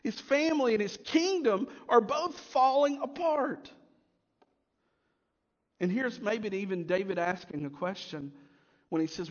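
Male pastor, very high voice, emphatic sermon delivery; dull, reverberant church sound. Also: unhurried. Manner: emphatic preaching, rising and dropping to a hush.

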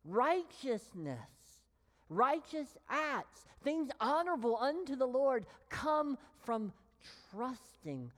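A woman pastor preaching a sermon with emphatic pauses, sinking to a whisper on key words. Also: high voice, sing-song, fairly bright tone, in a large hall. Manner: slow, emphatic delivery with long pauses, dropping to a whisper on key phrases.

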